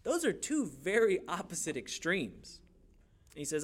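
A man's voice: high voice, measured pace. A young adult man preaching a sermon, telling stories with playful put-on voices. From grew up in a Hispanic church community. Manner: animated storytelling with playful voices. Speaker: pastor.

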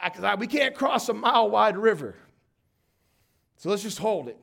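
A man preaching who acts out a nervous male leader urging his people to hold steady, with halting restarts. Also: high voice, creaky, full character voice. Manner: urging calm, hesitant restarts.

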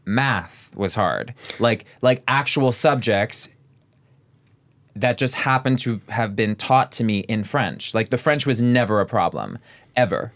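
A man's voice: on the low side, animated, unhurried. A man guesting on a podcast, chatting casually and filling his talk with "like.". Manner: chatty, fills with "like" constantly. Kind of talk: casual conversation.

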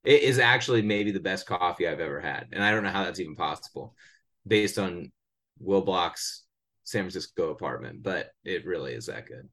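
A man co-hosting a casual podcast from his bedroom at home, delivering a joking sales pitch full of stammers and restarts. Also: animated, normal speed, fairly bright tone. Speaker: podcast co-host.

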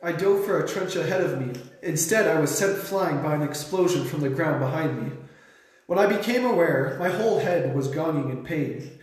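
A young man earnestly reading his own short story aloud, lifting his voice sharply for shouted lines. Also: a little high, animated, normal speed. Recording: very echoey room.

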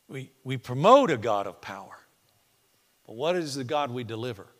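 A man preaching a sermon in a church, swinging between hushed, intimate lines and loud, emphatic ones. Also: mid-range voice, animated, normal speed. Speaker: pastor. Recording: echoey church hall.

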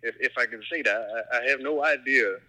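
A man's voice: medium pitch, fairly quick, pushed and bright, rough recording. A man co-hosting a podcast, joking around in casual chat with frequent stammered restarts. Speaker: podcast co-host.

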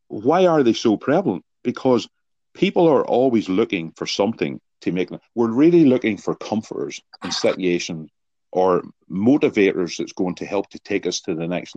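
Low-voiced man explaining earnestly. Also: warm tone, no echo. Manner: earnest, explanatory, poses rhetorical questions. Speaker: guest, sports psychology author. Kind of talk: podcast interview answers with anecdotes. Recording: dull lo-fi sound.

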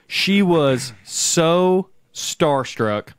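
A man co-hosting a podcast in casual chat, telling stories in an animated, profane way. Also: fairly high pitch, drawn-out words, clear, resonant tone, no room sound, clean studio sound. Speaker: podcast co-host.

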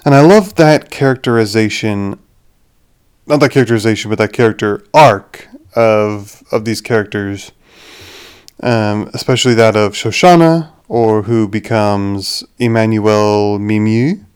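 A man's voice: on the low side, fairly even intonation, unhurried, clean tone. A young man hosting a podcast, rambling through a casual movie review with frequent restarts. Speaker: podcast host.

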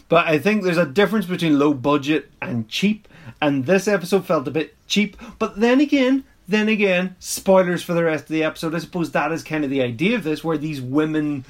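A man, rambling through a casual episode recap with mock-exasperated asides and frequent laughs. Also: fairly high pitch. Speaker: podcast host reviewing an episode.

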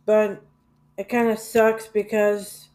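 Slow, rambling woman chatting about music. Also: mid-range voice, flat delivery, darkish tone. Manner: rambling, hesitant, many fillers and restarts; blunt, swears casually. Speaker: music vlogger. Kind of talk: casual rambling monologue.

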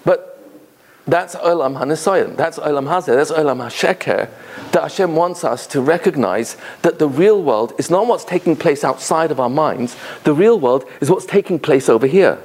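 A man in his fifties preaching a Torah lesson with a fairly high voice. He builds to impassioned, emphatic peaks, then drops into a musing storyteller's tone full of fillers and restarts. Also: expressive, moderate pace, a little mellow. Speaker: Torah speaker. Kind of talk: sermon.

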